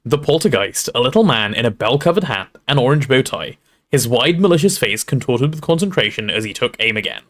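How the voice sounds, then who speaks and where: A man reading a storybook aloud to a livestream audience in an expressive, relaxed storytelling manner. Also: medium pitch, fairly quick. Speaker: streamer reading aloud to chat.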